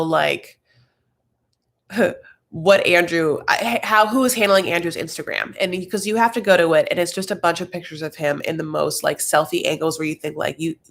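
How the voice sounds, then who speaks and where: A woman hosting a casual live recap chat. She rambles with lots of filler words and slips into quick impressions of people. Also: fairly low pitch, creaky, a bit bright. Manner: rambling and chatty, heavy on "like"; breaks into quick voiced impressions. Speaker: host.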